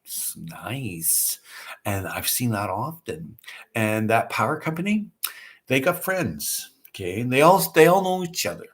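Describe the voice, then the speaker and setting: A man's voice: medium pitch, very animated, moderate pace, fairly bright tone. A middle-aged man hosting a casual livestream, chatting in a rambling, folksy way full of fillers and restarts. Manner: rambling, folksy, with many fillers and repeated starts. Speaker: livestream host. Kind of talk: casual chat reading viewer comments.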